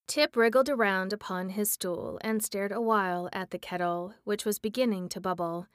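A woman reading a chapter book aloud as a bedtime story, in a gentle read-aloud manner. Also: medium pitch, steady tone, moderate pace, dry recording, clean studio sound.

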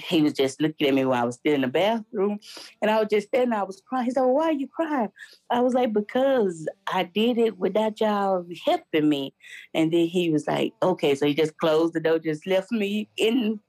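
A woman's voice: on the low side, animated, brisk, a little mellow, no echo, rough recording. A woman guest telling her faith testimony in a casual, earnest way, acting out the voices of people in her story.

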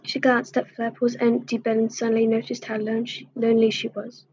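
A woman's voice: fairly high pitch, monotone, a little fast, darkish tone, husky, muffled recording. A woman reading a fan story aloud in a plain voice, with slips and restarts along the way. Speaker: story reader.

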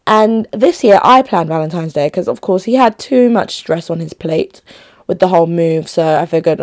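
Speaking to camera at a moderate pace, this young adult woman, a vlogger, has a lowish voice. She chats casually and emphatically with her viewers, frequently restarting what she's saying.

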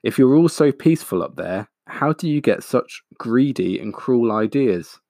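A man voicing a calm, resolute male iron giant who speaks in a firm, measured way. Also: medium pitch, no room sound, clean studio sound. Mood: questioning.

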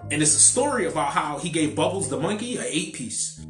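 A man chatting casually as a podcast co-host, telling animated stories and acting out quotes. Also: fairly quick, roomy sound, music in the background. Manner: animated storyteller, acts out quotes in higher voices. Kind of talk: casual chat.

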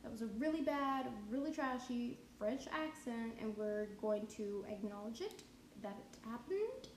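A woman hosts a casual podcast. Her voice sits a little high, and she chats loosely and goofily, often going off on tangents. The room is echoey and has a faint hiss of background noise. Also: moderate pace. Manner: chatty, goofy, breaks into off-key singing and tangents. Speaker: podcast host. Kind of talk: casual podcast reading and chat. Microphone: home podcast mic.

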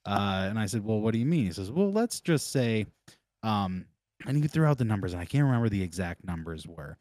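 A man's voice: lowish voice, darkish tone, dry recording, clean studio sound. A man co-hosting a podcast, telling a loose, rambling story with lots of laughter. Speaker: podcast co-host. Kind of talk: casual storytelling chat.

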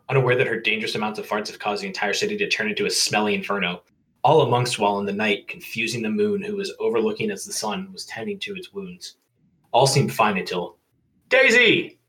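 A man's voice: on the low side, fairly even intonation, fast talker, fairly bright tone, rough recording. A man casually reading a silly fan story aloud, stopping to joke and laugh. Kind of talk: casual comedic read-aloud.

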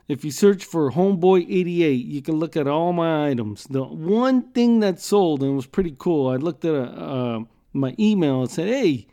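A podcast host with a warm, higher-leaning male voice tells rambling, jokey stories. His style is casual and full of profanity.

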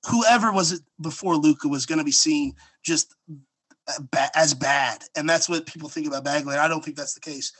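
A young man with a fairly high, husky voice talks basketball in a loose, rambling way. He gets excitable and leans on "like" and "uh" as he goes, casual podcast chatter. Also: low-quality recording. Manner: rambling, excitable, lots of fillers and likes. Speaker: sports podcast co-host. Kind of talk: casual sports talk.

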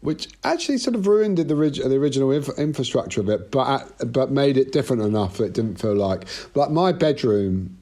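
A man's voice: medium pitch, very animated, fairly quick, few pauses, dark tone. A man talking as an interview guest over a video call, rambling and self-interrupting, swearing freely.

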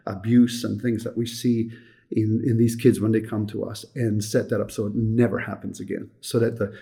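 A man's voice: lowish voice, level tone, normal speed, gravelly, mellow. An older man who directs a children's home, telling a heartfelt story in an interview with earnest repetition.

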